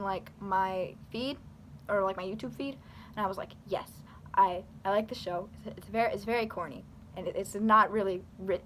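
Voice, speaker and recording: A young woman YouTuber with a medium-pitched, fairly bright voice rambles animatedly to her camera, talking with her hands. Her casual talking-head commentary is full of fillers and restarts, with slight background noise.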